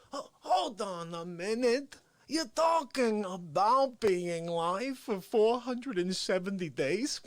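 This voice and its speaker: A man doing a comic impression of an indignant older male politician, whiny and rambling, breaking into shouts. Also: high voice, no room sound, pitched above the performer's own voice, full character voice. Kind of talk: comic celebrity impression on a livestream.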